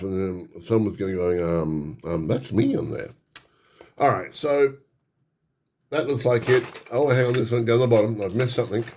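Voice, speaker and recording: Excitable man gushing over an unboxing. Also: fairly low pitch. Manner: excitable and nostalgic, gushing with frequent exclamations. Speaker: hobby channel host. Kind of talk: casual unboxing vlog.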